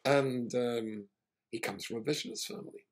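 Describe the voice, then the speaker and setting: A man's voice: mid-range voice, normal speed. A male rabbi telling a personal anecdote in a wry, self-deprecating way. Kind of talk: storytelling talk.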